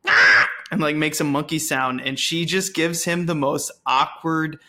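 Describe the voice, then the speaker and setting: A man's voice: a little high, fairly even intonation, normal speed, pushed and bright, slight background noise. A man hosting a podcast in casual chat, jokey, laughing as he retells movie scenes. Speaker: podcast host.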